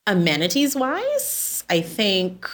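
A woman's voice: mid-range voice, wildly swooping pitch, slow, a bit bright. A woman in her thirties, a podcast guest telling stories in a chatty way and often laughing. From The Bahamas. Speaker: podcast guest, sports volunteer. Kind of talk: casual chat.

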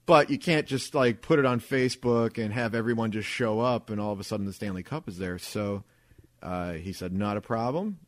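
A man's voice: lowish voice, brisk, no echo. A man hosting a podcast, telling rambling, crude stories in casual chat and laughing along as he talks. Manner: rambling storyteller, profane and laughing. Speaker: podcast host.

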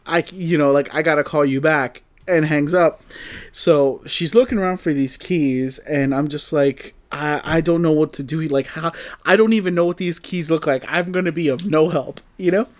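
A young man with a slightly higher voice tells a rambling anecdote in casual chat. He acts out each quoted line and laughs often, swearing freely. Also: moderate pace. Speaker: podcast co-host telling a story.

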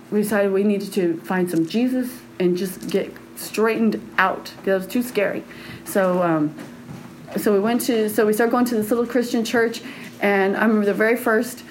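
A woman's voice: medium pitch, slight background noise, poor audio. A woman telling a personal story in a frank, meandering way with frequent laughter.

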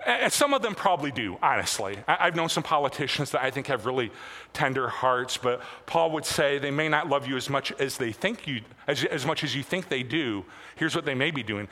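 A bright, forceful male pastor preaching in a large sanctuary with a long echo. He talks to the congregation in a loose, conversational way, full of asides and jokes at his own expense. His voice sits a little above average in pitch. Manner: conversational, self-deprecating preaching with asides and laughs. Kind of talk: sermon. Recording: long hall reverb.

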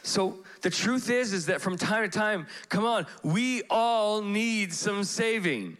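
A pastor preaching a sermon in church, animated, acting out voices in his stories. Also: high-pitched, slow pace.

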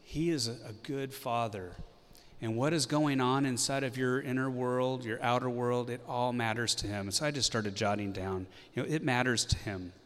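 A man's voice: medium pitch, fairly even intonation, normal speed, a bit bright. A man leading a church meeting, giving an informal, encouraging sermon with light teasing. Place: church hall. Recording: long reverb of a hall.

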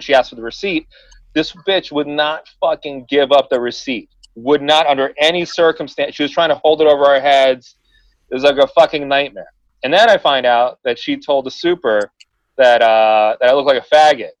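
A young man telling a story on a podcast, animated, swearing freely and mimicking the people in it. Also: medium pitch, dry recording, poor audio. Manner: animated, swearing, mimics voices in his stories. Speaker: podcast co-host. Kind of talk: casual storytelling chat.

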